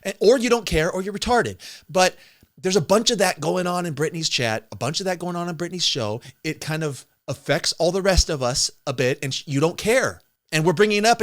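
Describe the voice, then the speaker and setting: A man's voice: high voice, expressive, fairly quick, fairly bright tone. A man ranting heatedly in an online debate stream, aggressive, accusatory and profane. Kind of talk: heated rant.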